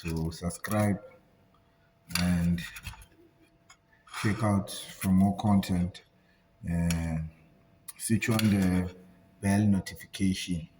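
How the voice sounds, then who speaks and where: Man, low and unhurried; playful cooking-vlog host who chants repeated words; clear background noise. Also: steady tone, a little mellow. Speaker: cooking vlogger.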